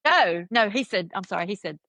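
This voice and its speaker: A woman's voice: mid-range voice, fairly quick, gravelly, no echo. A woman from South Carolina with a strong Southern accent, a podcast guest telling stories in casual chat and acting out what people said. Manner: animated storyteller, acts out quotes.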